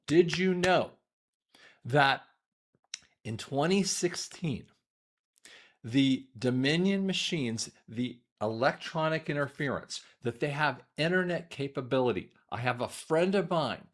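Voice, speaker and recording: A man in the middle pitch range talks straight to his audience in a loose, rambling monologue. He doubles up words, breaks off sentences and restarts them. Every so often he stops to clear his throat. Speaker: audiologist and online commentator. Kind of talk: casual monologue commentary.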